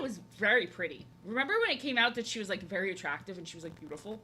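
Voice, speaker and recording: Bright-voiced rambling woman streamer. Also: mid-range voice, expressive, fast, hardly any pauses, slight background noise. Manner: rambling, filler-heavy, talks to chat. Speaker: art streamer. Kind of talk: casual chat while drawing on a live stream.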